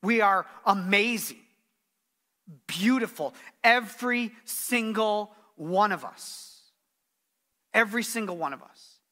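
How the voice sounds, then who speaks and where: A man's voice: sits high, takes it slowly, pauses often, sharp tone. A middle-aged man preaching a sermon as pastor, earnest and emphatic, repeating his key phrases.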